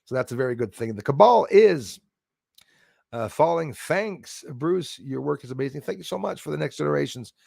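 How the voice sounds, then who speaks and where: A man's voice: on the high side, expressive, moderate pace, creaky, darkish tone, no room sound, clean studio sound. A man from Canada hosting a casual livestream, talking in a rambling, heated, blunt way with many restarts. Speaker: livestream host reading chat.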